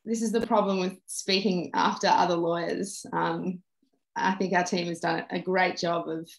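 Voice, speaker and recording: A woman from Australia, speaking as a lawyer at a press conference in a measured, brief way. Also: lowish voice, level tone, vocal fry, poor audio.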